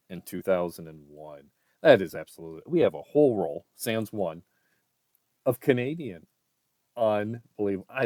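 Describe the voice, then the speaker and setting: A man vlogging a coin roll hunt, reading out dates one by one in a casual murmur and breaking into excited exclamations. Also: lowish voice, no room sound. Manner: reads dates aloud one by one, often quietly, with excited exclamations. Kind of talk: casual commentary while sorting coins.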